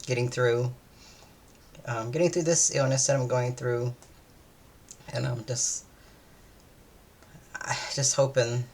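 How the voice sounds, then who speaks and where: A tired woman, chatting casually in a vlog, meandering and hesitant, with many fillers and restarts. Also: rumbling low. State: weary, low-energy. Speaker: vlogger. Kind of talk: casual day-in-my-life chat.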